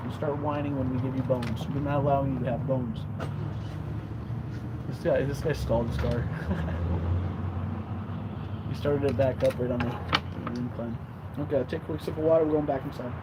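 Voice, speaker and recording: A young man streaming casually and swearing freely, often going high and sing-song while scolding his dog. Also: steady tone, fairly quick, pauses often. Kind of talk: casual livestream chat. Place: outdoors by a street, later indoors. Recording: outdoor mic with loud traffic noise.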